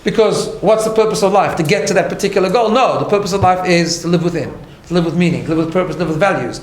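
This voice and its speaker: A man with a fast delivery and a voice that sits high leads an informal class as a rabbi in a study hall. His talk is emphatic and conversational, with frequent restarts and "right?" check-ins, captured in an echoey room with faint background hum.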